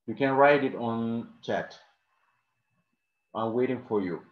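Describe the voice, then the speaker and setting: A man's voice: mid-range voice, takes it slowly, roomy sound, muffled recording. A man teaching an English lesson live online, answering questions from the chat and often adding "okay" and "of course".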